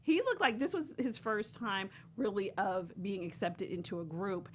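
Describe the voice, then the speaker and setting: A woman's voice: medium pitch, animated, normal speed, slight background noise. Enthusiastic, gushing female TV recap co-host. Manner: enthusiastic, gushing, quotes the show with laughs. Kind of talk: casual TV recap chat.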